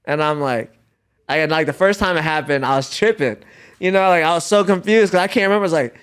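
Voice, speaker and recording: A man's voice: on the high side, quick pace, fairly bright tone, clean tone. A young man from the United States, a guest athlete in a casual chat, telling stories in a laid-back, slang-heavy way with easy laughs.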